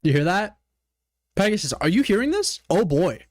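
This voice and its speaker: Animated, profane Canadian streamer man. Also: high voice, moderate pace, background noise. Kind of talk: casual reaction commentary.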